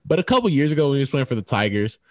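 A man tells sports stories animatedly, laughing between lines, with his pitch bouncing widely. His voice is mid-range for a man. The recording is dry and close, with little room sound. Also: racing, dry recording. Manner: animated storyteller, laughs often. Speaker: sports talk co-host. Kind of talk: casual sports chat.

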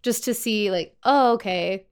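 A woman's voice: medium pitch, unhurried, smooth. Chatty young woman asking questions. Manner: inquisitive, chatty, uses "like" often. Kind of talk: casual movie review chat.

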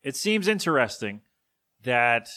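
Bright-voiced man rambling solo on a podcast. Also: medium pitch, big pitch swings. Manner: casual, opinionated, self-correcting; drops into a gruff put-on voice for quick impressions. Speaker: podcast host.

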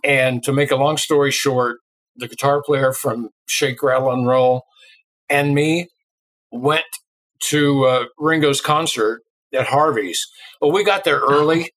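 A middle-aged man from Illinois, a drummer, speaks at a measured pace in a mid-range voice as he tells an easygoing anecdote in an interview. He acts out the characters' voices with lively energy. The audio quality is poor.

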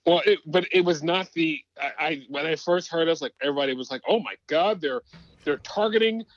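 A chatty man with a fairly high voice co-hosting a sports talk show. His mic sounds dull and very dry. He jumps in eagerly with quick agreement. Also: fairly even intonation, dry recording.

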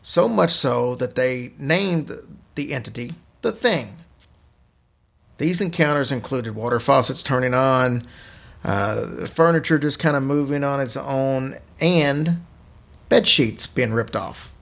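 A man's voice: medium pitch, slow pace, creaky, fairly bright tone. A man hosting a podcast, casually telling spooky stories to his co-hosts. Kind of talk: casual storytelling chat.

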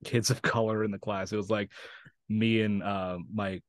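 A man's voice: fairly low pitch, level tone, normal speed, dry recording, clean studio sound. A young man from New Mexico, an actor guest talking casually in an interview, rambling with lots of fillers and frequent laughs. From Santa Fe, New Mexico.

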